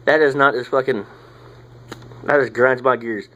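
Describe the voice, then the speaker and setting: A young man talks through a casual product review in a loose, rambling drawl, swearing freely and trailing off into fillers. His voice sits at an ordinary middle pitch. The sound is dull and lo-fi, like a basic home video. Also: fairly even intonation, brisk, fairly bright tone. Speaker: tobacco reviewer.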